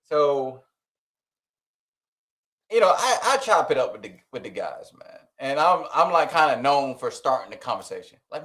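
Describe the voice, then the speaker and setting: A man's voice: mid-range voice, big pitch swings, moderate pace, fairly bright tone. A man co-hosting a podcast, telling a workplace story in a casual, laughing way and trailing off with "you know". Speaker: podcast co-host.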